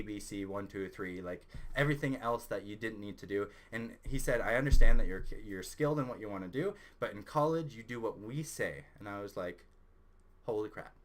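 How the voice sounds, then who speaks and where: A young man with a Canadian accent, hosting his own channel and telling a personal story in a lively, excitable way. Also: on the low side. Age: young adult. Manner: animated, excitable storyteller who rises loud when indignant. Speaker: channel host. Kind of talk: casual storytelling vlog.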